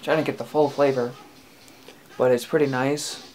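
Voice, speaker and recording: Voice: medium pitch, fairly even intonation, moderate pace, a little mellow. A casual product reviewer at home, talking in a hesitant, rambling way with lots of fillers and restarts. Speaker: e-liquid reviewer.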